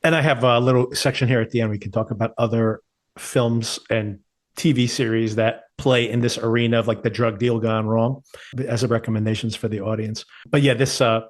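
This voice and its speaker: A man's voice: mid-range voice, brisk. A man co-hosting a podcast, chatting casually and thoughtfully about a TV series, with frequent chuckles. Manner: thoughtful, relaxed, chuckles often. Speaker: podcast co-host. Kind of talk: casual TV review chat.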